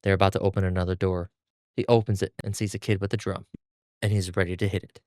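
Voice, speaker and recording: A male podcast host with a lowish voice, recapping a comic chapter in a chatty, giggly manner that stumbles over restarts. He speaks close into a stand mic, with a dry, dead sound. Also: level tone, fast talker, darkish tone, no room sound. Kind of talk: casual recap of a manga chapter.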